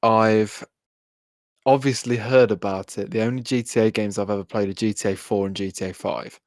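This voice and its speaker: A man's voice: lowish voice, steady tone, a little fast, darkish tone, no room sound. Young co-host in his twenties, giggly and playful, dry close recording. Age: 20s. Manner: giggly, playful, easily amused. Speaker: podcast co-host. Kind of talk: casual chat.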